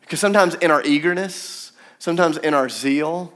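High-voiced animated young male preacher. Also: moderate pace. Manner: animated, conversational preaching with acted-out quotes. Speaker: pastor. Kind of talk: sermon.

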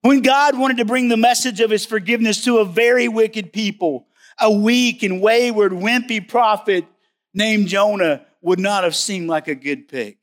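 A man with a notably high voice delivers a sermon as a pastor during a church service. He preaches with emphasis, often repeating a phrase to drive it home. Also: moderate pace.

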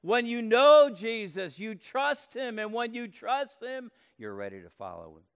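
A man preaching a sermon, swinging from loud calls to hushed tones and repeating words as he speaks. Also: very high-pitched, sing-song, unhurried, smooth. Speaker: pastor. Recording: long reverb of a hall.

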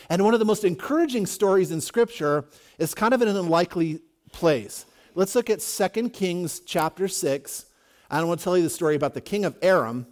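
A male pastor giving a conversational sermon, with jokey asides and frequent restarts. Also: high-pitched.

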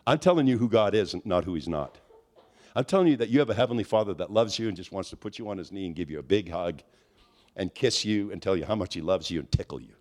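A man preaching in a storytelling way, his fairly low voice rising to high, excited near-shouts at the peaks. He moves between quiet asides and loud emphasis as he preaches. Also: fast. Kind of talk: charismatic sermon.

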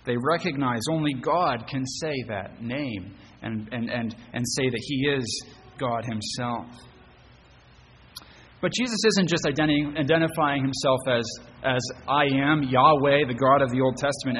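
A male pastor delivers a sermon in an earnest voice of middling pitch, often restarting phrases and putting rhetorical questions to his congregation. His voice carries a long reverb through the church, with a faint hiss of background noise underneath. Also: moderate pace, fairly bright tone. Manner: earnest, repeats words while rephrasing, asks rhetorical questions. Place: church sanctuary.

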